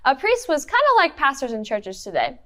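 A woman narrating a Bible story for children in a clear, encouraging teacher tone. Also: high-pitched, big pitch swings, brisk, a bit bright. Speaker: children's Bible lesson leader. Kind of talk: interactive Bible storytelling for kids.

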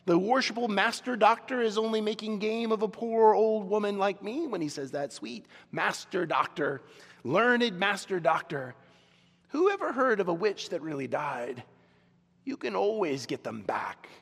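A man voicing a shrill, whining old hag who fawns and wheedles, in a reverberant hall. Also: animated, normal speed, fairly bright tone, heavily acted. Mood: fawning.

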